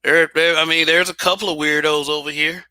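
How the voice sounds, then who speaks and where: A man's voice: fairly high pitch, little pitch movement, a little fast, bright, forceful tone, clean tone, no room sound. A man hosting his own channel, talking bluntly and casually with profanity and frequent restarts. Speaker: channel host. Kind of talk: casual opinion monologue.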